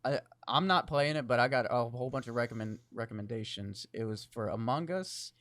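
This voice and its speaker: A man at a middle pitch co-hosts a podcast, rambling, cursing freely and breaking into laughter. His voice is deep and crackly from the morning. The sound is close and dry, with no room echo. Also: fairly quick, a bit bright. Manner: rambling, profane, laughs often. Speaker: podcast co-host. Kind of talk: casual chat.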